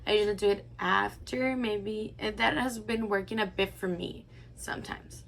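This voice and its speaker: A woman's voice: mid-range voice, fairly even intonation, moderate pace, gravelly, a bit bright. A young woman vlogger chatting casually, filling her talk with "like" as she tells a personal story while doing her makeup. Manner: chatty, rambling, lots of "like" fillers. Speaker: beauty vlogger.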